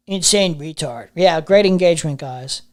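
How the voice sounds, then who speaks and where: Streamer commentator, sarcastic and mocking, repeats their jokes, mutters quiet asides, middle-pitched voice. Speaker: streamer reacting to a video.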